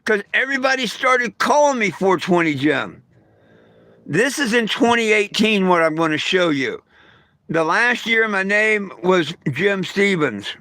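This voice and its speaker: A man's voice: high-pitched, lively intonation, unhurried, bright, forceful tone, no room sound. An older retired man talking to his viewers in a blunt, crude, folksy way, telling stories and snapping back at commenters. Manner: folksy storyteller with homespun grammar. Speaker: vlogger. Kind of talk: casual rant to camera.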